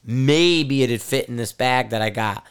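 Male podcast host, middle-aged, rambling frustrated rant, salty language, clear resonant tone. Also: mid-range voice, a little slow. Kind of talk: casual solo rant.

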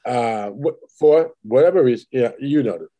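A man's voice: mid-range voice, moderate pace, warm tone. A man in casual chat, blunt and profane, speaking matter-of-factly. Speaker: podcast co-host.

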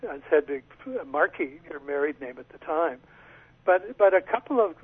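A husky man speaks over a tinny phone line, his voice a little higher than most men's. He tells a long story in a thoughtful way. The sound is dry and close. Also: no echo. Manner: thoughtful storytelling, occasional laughs and restarts. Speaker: author guest. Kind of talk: radio interview over the phone. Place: home in Northern California.

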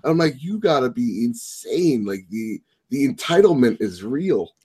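Easygoing young man with lively intonation. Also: mid-range voice, unhurried, breathy edge. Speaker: podcast co-host. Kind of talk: casual gaming podcast chat.

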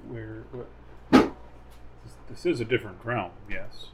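A man's voice: lowish voice, slow, low-quality recording. A man playing a tabletop game, chatting casually and joking with the table. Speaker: player.

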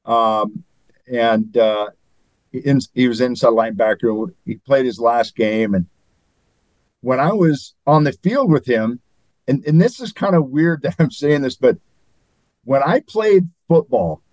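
A man's voice: medium pitch, animated, a little slow, darkish tone, no echo, rough recording. An older man, a former athlete and guest, telling stories in a rambling, chuckling way. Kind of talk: anecdotal interview storytelling.

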